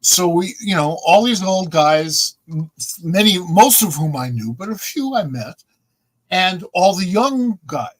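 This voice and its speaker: Older guy hosting a podcast, kinda high voice that bounces all over, rambles through a long story. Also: expressive, measured pace, poor audio. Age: 70s. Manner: rambling anecdotal storyteller, repeats and restarts. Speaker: podcast host. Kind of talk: casual chat.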